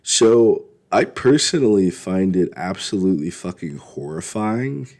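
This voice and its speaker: A man's voice: deep voice, lively intonation, a little slow, a little mellow. A man in a blunt, rambling, profane casual monologue for his vlog. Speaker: vlogger.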